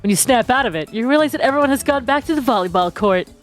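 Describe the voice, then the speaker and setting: A woman's voice: on the high side, expressive, fast talker, faint music behind. A woman streamer reading a game's story text aloud and cracking jokes between the lines, laughing often. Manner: playful, laughs often, breaks off to joke. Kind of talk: reading game text aloud with casual commentary.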